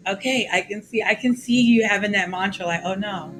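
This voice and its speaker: A woman's voice: medium pitch, fairly quick, background noise. A woman hosting a podcast interview, chatty and affirming, often saying "um" as she frames questions and thanks her guest. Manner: warm affirming, chatty, many fillers. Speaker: podcast host.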